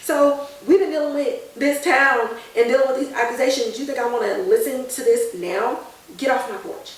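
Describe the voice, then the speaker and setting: A woman's voice: sits high, moderate pace, recorded from a distance, voice pushed up, close to an everyday voice. A woman voicing a defensive teenage girl who talks bluntly and scolds. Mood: scolding. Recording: very echoey room, off-mic.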